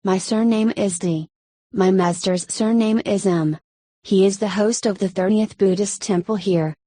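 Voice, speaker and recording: A woman voicing an anxious female temple disciple who pleads for help in a rushed, non-stop way. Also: mid-range voice, fairly even intonation, mellow, dry recording, close to an everyday voice.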